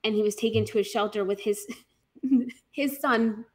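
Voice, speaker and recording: A woman with a fairly high voice, chatting on a live stream. She rambles and gets emotional, breaking into laughs and sighs as she talks. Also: fairly even intonation, normal speed, darkish tone. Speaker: co-host. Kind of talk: casual chat on a live stream.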